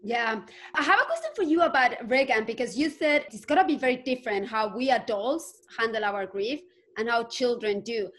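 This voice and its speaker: A woman's voice: a little high, animated, moderate pace, a bit bright. A woman hosting an interview, asking reflective and encouraging questions. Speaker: interview host. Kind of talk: interview conversation.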